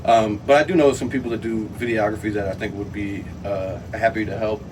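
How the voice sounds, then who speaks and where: A man talking as a podcast guest, relaxed and rambling, with lots of fillers. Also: on the low side, fairly quick. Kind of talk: casual chat. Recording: distant mic with clear background noise.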